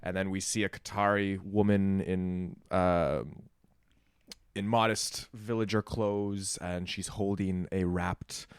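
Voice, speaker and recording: A man playing a tabletop role-playing game, describing a scene haltingly with many fillers. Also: sits low, level tone, smooth, dry recording, clean studio sound. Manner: hesitant, slow descriptive narration with fillers. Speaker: player.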